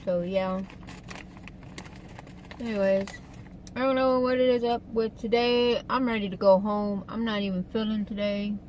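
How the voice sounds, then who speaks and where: A woman talks in a loose, rambling way, full of fillers, as she chats to viewers from inside her car. Her pitch sits mid-range. Behind her is a faint hum of car and street noise. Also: steady tone, measured pace, pauses often, a little mellow, poor audio. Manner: chatty, rambling, with fillers and asides. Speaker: vlogger. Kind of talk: casual eating-show chat.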